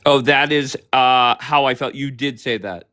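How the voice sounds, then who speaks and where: A man's voice: medium pitch, sharp tone. Male livestream host, blunt and combative, peppers guests with profane questions. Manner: blunt, swearing, grilling guests with rapid questions. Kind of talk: confrontational livestream chat.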